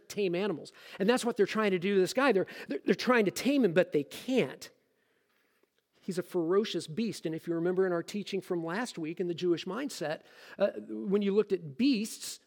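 A man preaching a sermon as a pastor, explaining scripture in a lively, casual, joking way. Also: high-pitched, long reverb tail.

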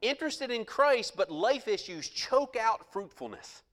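A man preaching from the pulpit in a high, bright, ringing voice. He preaches with passion, surging into loud outbursts, then dropping to hushed asides. His sermon echoes around a big hall with a long reverb tail. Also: sing-song, measured pace. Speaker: pastor.

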